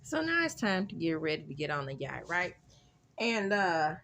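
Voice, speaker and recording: A woman hosting a casual reality TV recap, chatty and animated, with laughing asides. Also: fairly low pitch.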